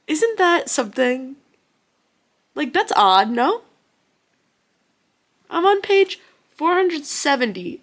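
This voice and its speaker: A woman's voice: a little high, creaky, a bit bright. A young woman vlogging about her reading in a chatty way, thinking aloud as she goes. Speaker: book vlogger. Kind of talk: casual reading vlog.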